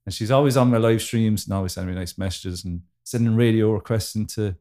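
A man's voice: lowish voice, fast talker, mellow. A man with a Wexford accent, hosting a casual podcast chat in an easygoing, chatty way with frequent laughs. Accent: Wexford, New Ross. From County Wexford, Ireland. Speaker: podcast host.

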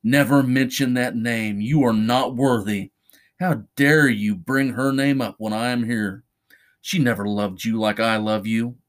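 A man's voice: mid-range voice, steady tone, a little slow, lightly acted. A man voicing a cold, menacing tormentor. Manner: scornful, menacing.

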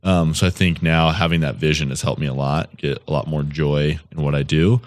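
A chiropractor talking as a podcast guest, rambling in a loose, easygoing way and laughing easily. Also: male voice, very deep voice, fairly even intonation, brisk, dry recording. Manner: rambling, full of fillers and restarts, laughs easily. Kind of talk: casual chat.

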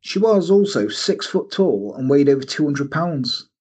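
Husky man telling a story animatedly. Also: on the high side, measured pace. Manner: animated, laughing, bursts into silly voices. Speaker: podcast host. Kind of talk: casual storytelling chat.

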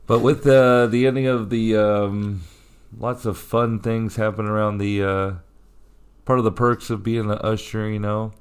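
Man, low voice, rambling storyteller, casual podcast chat. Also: flat delivery, a little slow, smooth. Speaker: podcast co-host.

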